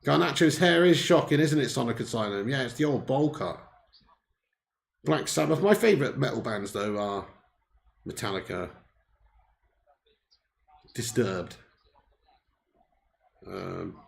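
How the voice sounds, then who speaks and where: A medium-pitched, creaky male voice belongs to a host leading a live football watch-along. He keeps up jokey chatter with viewers and laughs a lot in between commentary.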